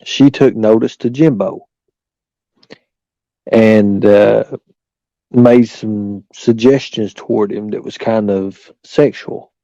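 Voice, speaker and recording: A man spins a crude, rambling yarn in a mellow, low-key voice. He stumbles and restarts often and swears freely. The recording is dry and a little dull. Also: fairly even intonation, slow pace, pauses often, no room sound. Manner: rambling, profane, frequent restarts and fillers. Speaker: storyteller. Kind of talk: casual storytelling.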